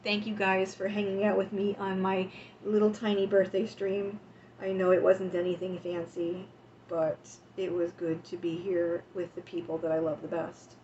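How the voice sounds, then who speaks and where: A woman's voice: medium pitch, level tone, normal speed, a little mellow, lo-fi sound, slight background noise. A woman in her forties, a livestreamer chatting casually with her viewers at home, emotional and close to tears as she thanks them. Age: 40s. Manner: tearful and affectionate, talking to chat.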